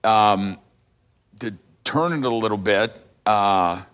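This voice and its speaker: A man's voice: fairly low pitch, takes it slowly, fairly bright tone, smooth. A man, a pastor hosting a talk show, who often breaks in with short affirmations. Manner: frequent affirming interjections. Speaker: pastor and host.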